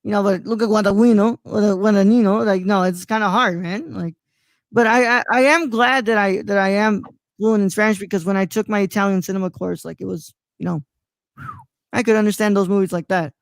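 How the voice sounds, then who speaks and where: A man's voice: sits high, brisk, vocal fry, a bit bright, no echo. Man, twenties, from Mexico, live-stream host, rambling, filler-heavy, dry close sound. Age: 20s. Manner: rambling, filler-heavy, stumbles over names. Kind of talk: casual live-stream chat.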